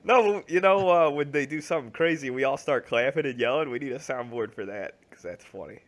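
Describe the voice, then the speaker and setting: A man's voice: medium pitch, brisk. A man co-hosting a casual podcast, bantering and laughing often. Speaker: podcast co-host. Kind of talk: casual chat.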